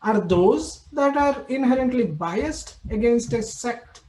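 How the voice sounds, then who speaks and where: A woman giving a university talk, thoughtful and hesitant, with many pauses as she thinks aloud. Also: a little high, animated, darkish tone. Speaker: lecturer. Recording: echoey room.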